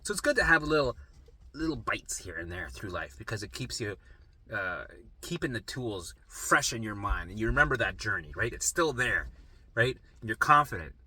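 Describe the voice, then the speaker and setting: An animated man teaching recovery in a loose monologue, swearing often. His pitch swings widely and his tone is very bright and sharp. He speaks to the camera while he draws. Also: normal speed, slightly rough. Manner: swearing, animated, acts out quotes. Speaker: recovery coach.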